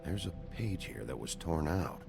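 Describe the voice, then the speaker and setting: A weary game sheriff growls short, blunt orders. His voice sits extremely low and gravelly, with lively swings in pitch. Game music plays underneath. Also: moderate pace, exaggerated voice. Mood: gruff. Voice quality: very deep and gravelly. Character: gruff male sheriff, tough and weary.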